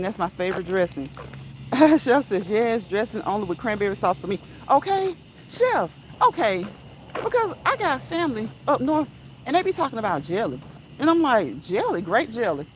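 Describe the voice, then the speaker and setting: A woman's voice: on the high side, a little hiss or hum, rough recording. A woman, chatting casually on a livestream, reading viewer comments, laughing often and repeating phrases for emphasis. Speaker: host. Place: outdoors while walking.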